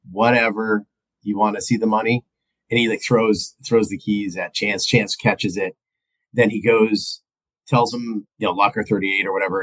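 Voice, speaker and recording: A man on a pop culture podcast walks through a movie's plot in a loose, conversational way. His voice sits on the low side, and he laughs as he retells the scenes. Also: fairly bright tone, rough recording. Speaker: podcast co-host. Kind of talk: casual movie recap chat.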